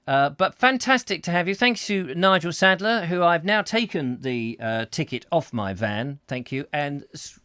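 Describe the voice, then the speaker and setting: Bright, jokey man hosting a live show. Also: on the high side, expressive, moderate pace, hardly any pauses, clear, resonant tone, no room sound, studio quality. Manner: rambling, jokey, chatty asides. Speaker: host. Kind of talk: comic chat-show sign-off.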